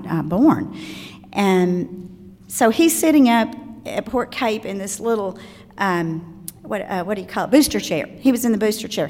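An older woman with a Southern accent, giving a chatty talk to parents on children's manners and telling stories with asides. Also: medium pitch. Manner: chatty, warm storytelling with asides. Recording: long hall reverb.

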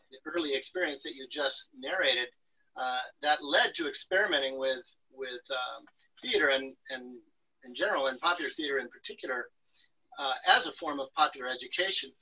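A man hosting an online gathering, speaking in halting academic phrases full of fillers. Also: mid-range voice, bright, forceful tone, slightly rough, far from the mic, highs cut off. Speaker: host. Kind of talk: online event moderation.

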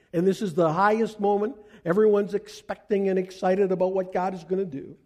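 A male pastor with a high voice delivers an earnest sermon to his church. He swells to loud, emphatic peaks at key lines.

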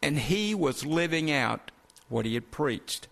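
A man preaching a sermon, earnest and direct, asking the congregation rhetorical questions and slowing down to stress key phrases. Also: on the high side, lively intonation, creaky, a bit bright. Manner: earnest, addresses listeners as folks, asks rhetorical questions.

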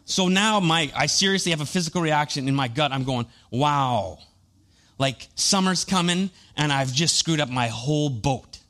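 A man's voice: a little high, lively intonation, normal speed, sharp tone. A man in his thirties, a pastor preaching a sermon, telling personal family and boat stories in a chatty, self-deprecating way.

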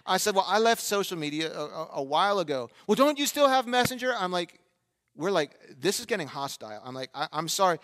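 A man's voice: on the high side, a little fast. A middle-aged male pastor preaching a sermon, telling funny stories and acting out the voices of the people in them. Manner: animated, acts out quoted voices, humorous asides. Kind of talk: sermon with storytelling.

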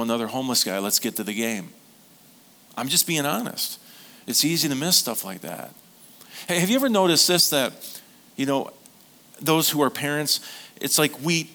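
A middle-aged man, preaching a sermon as a pastor in an earnest storytelling manner. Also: mid-range voice. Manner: earnest storytelling, becomes quiet and emotional.

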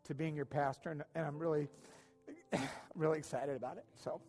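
Earnest pastor in a reverberant church. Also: male voice, a little high, steady tone, moderate pace, over music. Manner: earnest, informal, stumbling over words when moved. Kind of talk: sermon. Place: church sanctuary.

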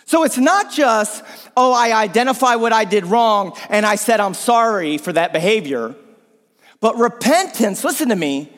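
A man preaching a sermon, animated, sometimes dropping to a hushed voice for emphasis. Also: high voice, normal speed, in a large hall. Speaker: pastor.

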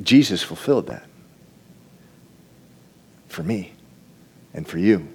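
A man preaching a sermon to a congregation, moving from hushed, slow passages to loud, excited bursts. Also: low voice, creaky, slightly rough. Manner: animated preaching, jumps between hushed and loud. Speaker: pastor.

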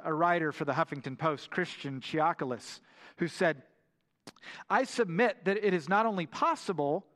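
A man preaching a sermon, retelling the story in an animated way and often repeating words as he goes. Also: high voice. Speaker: pastor. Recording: long hall reverb.

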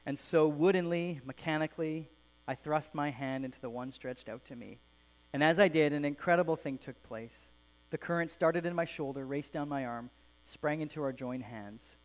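A man preaching a sermon as pastor of a church, reading a story aloud and explaining it in an earnest way that softens at the ends of phrases. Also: mid-range voice, fairly quick, low-quality recording.

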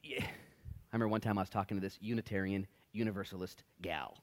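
A man preaching a sermon as pastor, conversational and animated, often acting out the people he quotes. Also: lowish voice, quick pace. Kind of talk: expository sermon.

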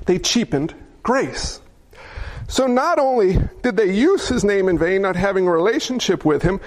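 A man preaching a sermon, emphatic, asking rhetorical questions and acting out the people he quotes. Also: high voice. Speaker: pastor.

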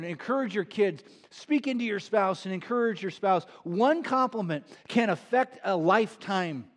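A middle-aged man preaching a sermon, earnest and emphatic, repeating key phrases and drawing them out slowly. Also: high-pitched. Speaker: pastor.

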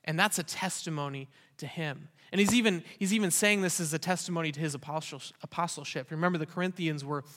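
A man's voice: a little high, fast, few pauses, a bit bright. A man preaching a sermon as pastor, in an earnest, conversational way with rhetorical questions. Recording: long reverb of a large hall.

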